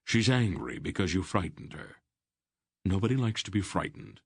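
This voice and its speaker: A man voicing a wise, dry-humored old sorcerer in an audiobook, speaking calmly and firmly. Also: low voice, creaky, slightly rough, no room sound, full character voice. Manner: calm, measured, gently firm. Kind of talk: audiobook character voice.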